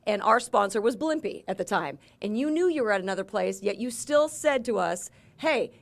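A woman co-hosting an interview, bantering in a brisk, teasing, emphatic way. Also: mid-range voice, animated, vocal fry. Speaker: co-host.

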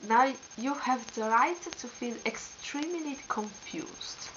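Young Italian woman teaching pronunciation at a slow, hesitant pace, with fillers and small laughs, recorded on dull lo-fi webcam audio. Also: fairly high pitch, a bit bright, slight background noise. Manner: hesitant, many fillers, giggly. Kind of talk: casual video lesson.

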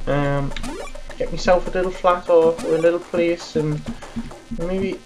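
A woman's voice: low voice, steady tone, moderate pace, low-quality recording. A woman reviewing a game, rambling and swearing at it as she plays. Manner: mutters and swears at the game, self-deprecating. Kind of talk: rambling gameplay commentary.

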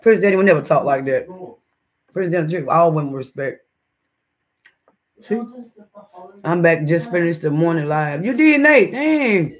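A man's voice: fairly high pitch, moderate pace, long pauses. A man hosting a casual live stream, chatting and reading the chat aloud as he eats breakfast, laughing often. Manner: laughs often, with sudden loud outbursts.

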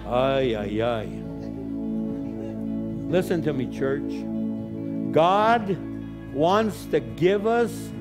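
A man preaching a sermon in an animated way, acting out little voices and jokes for the congregation. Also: a little high, extremely slow, pauses often, over loud music. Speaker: pastor.

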